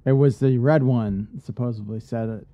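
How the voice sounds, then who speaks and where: Man ranting in a dark, dull recording. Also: medium pitch, moderate pace, no echo. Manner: animated, profane ranting. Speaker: podcast co-host. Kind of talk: casual chat.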